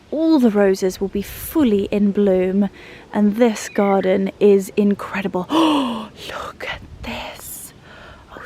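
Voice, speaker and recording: A British woman giving a casual garden tour as a vlogger, gushing and often dropping to a soft whisper, outdoors. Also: medium pitch, vocal fry, slight background noise. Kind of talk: casual vlog narration.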